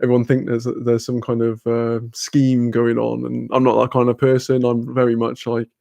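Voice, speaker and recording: A man's voice: mid-range voice, completely flat delivery, normal speed, creaky, mellow, dry recording. A man hosting a livestream, casually reading the chat aloud, laid-back, laughing often and swearing freely. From Wales. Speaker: livestream host.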